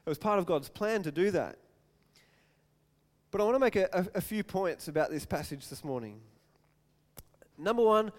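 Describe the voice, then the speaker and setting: High-voiced pastor in a reverberant hall. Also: male voice, brisk. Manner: storytelling, acts out quotes with sudden loud raised-pitch outbursts. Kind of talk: sermon.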